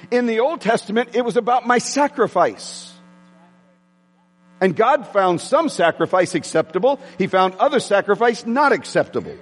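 A man preaching a sermon to his congregation, excitable and prone to yelling. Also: sits high, breathy edge. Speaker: pastor. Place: church sanctuary with congregation. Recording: long hall reverb.

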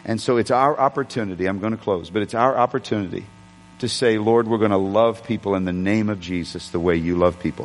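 A man's voice: lowish voice, a little fast, in a large hall. A man preaching a sermon, telling a personal story conversationally with frequent restarts. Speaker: pastor.

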